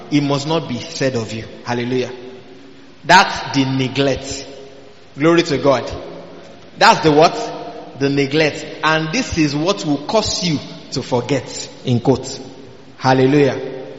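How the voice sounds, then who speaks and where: A man preaching a sermon. He asks the listeners questions and answers them himself, and he keeps breaking in with hallelujahs. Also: a little high. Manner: call-and-response questions, frequent hallelujahs. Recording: echoey hall, dull lo-fi sound.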